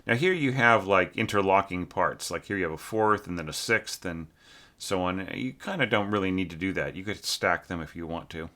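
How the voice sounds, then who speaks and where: A man teaching orchestration, giving a casual critique of a score. He talks haltingly with many fillers and sings phrases to demonstrate. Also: low-pitched, animated, pushed and bright.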